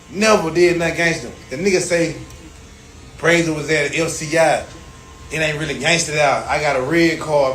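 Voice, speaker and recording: A man telling a story in a loud, animated rant full of cursing. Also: on the high side. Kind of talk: profane rant. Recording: echoey room, distant mic, faint noise.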